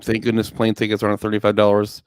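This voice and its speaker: A man's voice: on the low side, monotone, fast talker, a little mellow, no echo. A man co-hosting a casual live-stream chat, chiming in with brief, dry remarks and reading viewer comments. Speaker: co-host.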